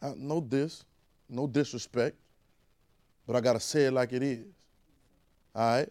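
A man preaching a conversational sermon, repeating phrases and rising to shouted calls. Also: mid-range voice, steady tone, a little slow, pauses often.

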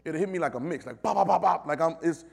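Black church preacher guy, aave, higher voice, goes from quiet to shouting back and forth with the room. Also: fast talker, creaky, husky. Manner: call-and-response preaching, builds to shouts. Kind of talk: sermon.

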